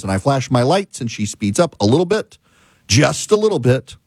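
Man ranting in a lively, swinging voice. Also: medium pitch, dry recording. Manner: exasperated ranting, lively storytelling with laughs. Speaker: talk show host. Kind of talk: casual opinion monologue.

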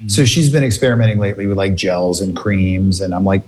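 Guy telling a funny story, animated, laughs a lot, lots of ums and likes. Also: low-pitched, brisk. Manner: animated, laughs often, many fillers. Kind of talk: casual storytelling.

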